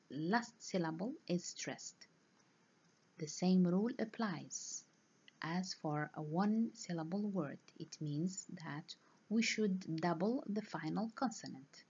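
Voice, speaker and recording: A woman lecturer speaks slowly and with care, stopping to repeat each example word. Her voice is husky and sits a little low. The recording sounds dull and lo-fi. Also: a little mellow. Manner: slow, deliberate, repeating example words.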